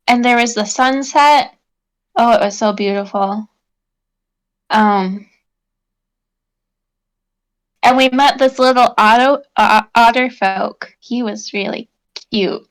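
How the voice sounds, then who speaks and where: A woman voicing a gentle, nervous young adventurer in a tabletop role-play, speaking softly and hesitantly. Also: on the high side, slow, clear, resonant tone, rough recording. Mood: dreamy.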